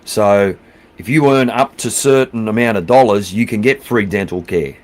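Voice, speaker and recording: A man's voice: lowish voice, moderate pace, a little mellow. A middle-aged Australian man hosting a livestream, reading out viewer comments in casual, blunt chat, swearing freely and calling everyone mate. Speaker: livestream host.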